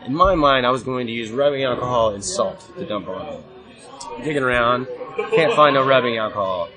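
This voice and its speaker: Over music and crowd chatter on a busy convention floor, a guest wrestler spins a wild yarn. His medium-pitched voice is expressive and fairly quick, the talk casual and profane, broken up by frequent laughter.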